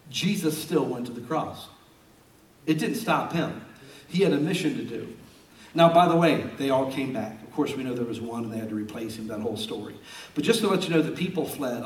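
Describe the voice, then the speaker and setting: A middle-aged man preaching a sermon in a large church auditorium, telling stories with loud bursts and hushed asides. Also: mid-range voice, far from the mic. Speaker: pastor. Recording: roomy sound from off-mic in a hall.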